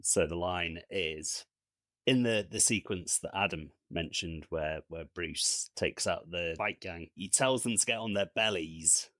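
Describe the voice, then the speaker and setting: A man's voice: low voice, unhurried, fairly bright tone, no room sound, clean studio sound. A man on a film podcast panel, chattily retelling scenes step by step. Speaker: podcast co-host. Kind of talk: casual film-review chat.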